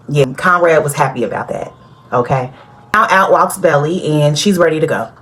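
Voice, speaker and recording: A woman hosting a casual TV recap, chatty and animated, talking straight to her viewers and laughing often. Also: low-pitched, normal speed. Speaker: TV recap host.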